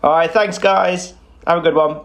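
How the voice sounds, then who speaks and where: A man announcing jury votes in a drawn-out, theatrical way. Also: a little high, fairly even intonation, vocal fry, noisy background. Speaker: jury member sending in votes. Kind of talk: recorded vote announcement.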